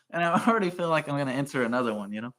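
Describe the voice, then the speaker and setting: A man in a casual chat, drowsy and laid-back, who laughs softly as he talks. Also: medium pitch, very noisy.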